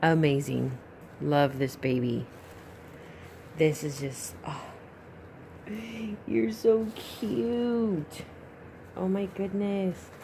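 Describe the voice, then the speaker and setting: A woman opening a doll box on her vlog, gushing with breathy exclamations as she talks to viewers. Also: low voice, warm tone, a little hiss or hum. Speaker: reborn doll collector and YouTuber. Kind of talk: unboxing vlog chat.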